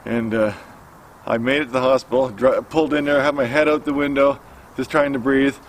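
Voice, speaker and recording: A middle-aged man recounting a personal story outdoors, his voice pitched in an ordinary middle range. He speaks haltingly, full of fillers and restarts, like a casual vlogger by a campfire. A faint hum of outdoor noise sits behind him. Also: fairly even intonation.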